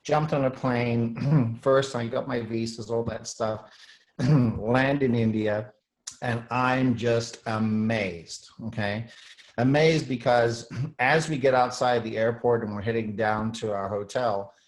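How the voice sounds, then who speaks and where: A middle-aged man hosting a show, talking in a rambling casual monologue with frequent throat clearing and restarts. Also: medium pitch, steady tone, slow pace, poor audio. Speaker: host.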